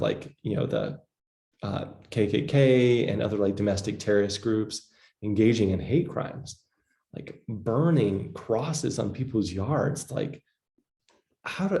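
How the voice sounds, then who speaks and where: A man's voice: lowish voice, mellow, reverberant. A man giving a casual psychology lecture, full of fillers, acting out quoted voices. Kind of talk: recorded lecture.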